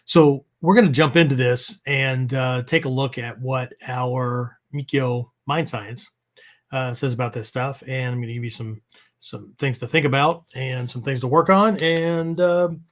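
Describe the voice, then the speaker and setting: Rambling man hosting a podcast. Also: mid-range voice. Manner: rambling, frequent "right?" check-ins. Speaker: podcast host. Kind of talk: casual spoken podcast monologue.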